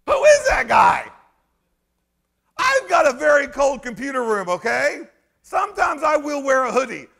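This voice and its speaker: A man giving an animated conference talk, sarcastic and emphatic, rambling through restarts and breaking into shouts. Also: very high voice, a little slow, gravelly. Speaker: conference speaker. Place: conference hall stage.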